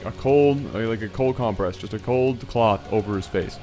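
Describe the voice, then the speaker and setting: A man casually telling a long story to his viewers, animated and rambling. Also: fairly low pitch, moderate pace, faint music behind. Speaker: storytelling video host.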